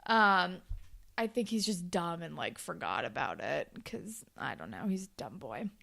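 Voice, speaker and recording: A woman co-hosting a podcast, casually recapping a TV episode in a chatty, animated way, acting out lines and swearing. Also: on the low side, measured pace, creaky. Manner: chatty, animated retelling with quoted voices and swearing. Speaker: podcast co-host.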